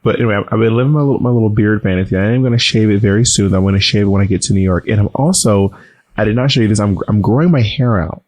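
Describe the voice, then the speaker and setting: A man's voice: fairly low pitch, very fast, darkish tone. A man co-hosting a podcast, talking in a campy, sassy way, his voice subdued while recovering from surgery. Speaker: podcast co-host. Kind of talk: casual chat.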